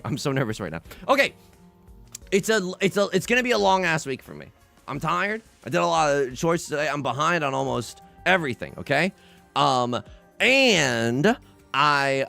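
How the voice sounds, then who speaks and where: A young man chatting casually while streaming a mahjong game, rambling and self-deprecating, with nervous asides and sudden loud outbursts. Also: fairly high pitch, gravelly. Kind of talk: casual livestream chat while playing mahjong.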